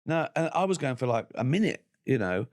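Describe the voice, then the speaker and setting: A man's voice: very animated, brisk. A man in his sixties with an English accent, a comedian talking casually as a guest and acting out other people's lines. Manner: acts out other people's lines in quoted voices; bursts into high loud laughter. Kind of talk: casual chat.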